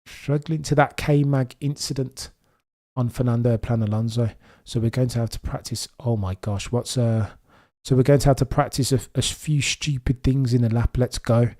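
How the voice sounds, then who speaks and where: A man from Birmingham with a mild Birmingham accent, hosting a live watchalong stream and chatting excitably with his viewers. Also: mid-range voice, normal speed. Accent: mild Birmingham English. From Birmingham, England. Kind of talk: live streaming commentary chat.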